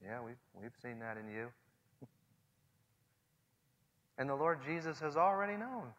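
A man in his forties preaching a sermon earnestly, swinging between hushed and loud passages. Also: mid-range voice, sing-song, unhurried, muffled recording. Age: 40s. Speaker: pastor. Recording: long hall reverb.

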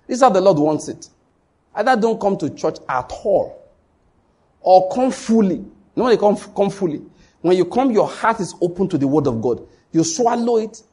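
A Nigerian man preaching in church, his voice husky and pitched a little high. He drives each point home by repeating it and speaks straight to the congregation. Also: darkish tone. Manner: emphatic, repetitive preaching that addresses the congregation directly. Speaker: pastor. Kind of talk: sermon.

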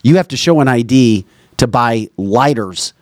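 A man hosting a talk podcast, brisk and exasperated, steering the show and calling for clips. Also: mid-range voice, lively intonation, a little mellow, dry recording, studio quality. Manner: brisk, exasperated, directs the producer. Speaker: host. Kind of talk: casual political talk.

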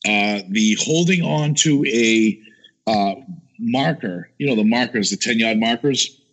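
A man chatting casually as a guest, telling lively stories, acting out quotes and swearing freely. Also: on the low side, a little slow. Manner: animated storyteller, acts out quotes, swears. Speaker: guest, chef. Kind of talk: casual chat.

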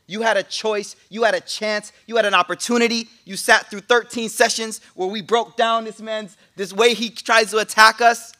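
A man giving a lively, joking sermon to a class, speaking in casual slang. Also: high-pitched, moderate pace, hardly any pauses. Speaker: sheikh giving a talk. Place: room with a listening audience.

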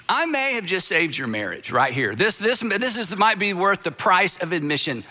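A man delivers a sermon in an easy, conversational way, leaning on emphasis and slipping into little acted-out quotes. His voice sits high for a man and has a bright, forward edge. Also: big pitch swings, normal speed, hardly any pauses. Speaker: pastor.

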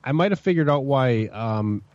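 A man in a casual group chat, calmly explaining a theory. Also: medium pitch, moderate pace, dry recording, dull audio.

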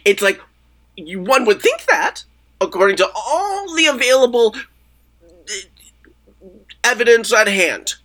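Stammering, rambling man, animated and bright. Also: very high-pitched, slow pace, long pauses. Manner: rambling, stammering, self-justifying. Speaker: comedic podcast guest. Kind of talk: improvised comedy interview.

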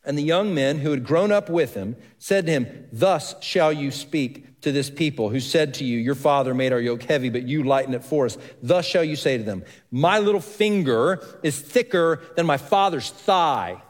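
A man's voice: a little high, lively intonation, normal speed, few pauses. A male pastor preaching a sermon, reading scripture aloud and asking the congregation questions. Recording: reverberant hall.

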